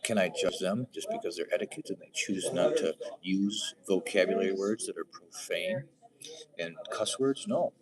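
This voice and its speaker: Broadcasting from his phone's front camera, a middle-aged livestream host rambles with profanity and sarcasm, jumping between strange comparisons. His low-pitched voice moves at a moderate pace, captured by a distant mic in a rough recording full of crowd noise.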